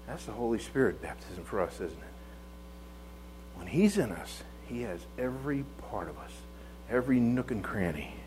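A man's voice: mid-range voice, very animated, moderate pace, a little mellow, a little hiss or hum, rough recording. A man preaching a conversational sermon in a church, folksy, often repeating words and asking rhetorical tag questions.

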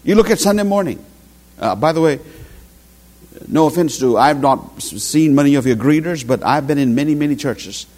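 Animated preacher, lively pitch. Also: male voice, moderate pace. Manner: animated storytelling with acted quotes. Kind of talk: sermon.

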